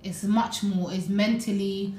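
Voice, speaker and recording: A woman's voice: mid-range voice, unhurried. A young woman chats on a podcast, her voice rising and falling as she tells stories, peppered with "like" and "you know". The sound is roomy and echoey, with a faint hum of ambience behind her. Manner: animated storytelling with many "like"s and "you know"s. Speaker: podcast co-host. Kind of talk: casual podcast chat.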